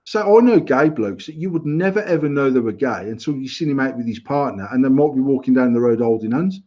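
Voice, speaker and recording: Blunt, sweary British man, husky voice. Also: mid-range voice, lively intonation, fast talker, darkish tone, muffled recording. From United Kingdom. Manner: blunt, opinionated, sweary, with many restarts. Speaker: podcast co-host. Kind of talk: casual banter podcast.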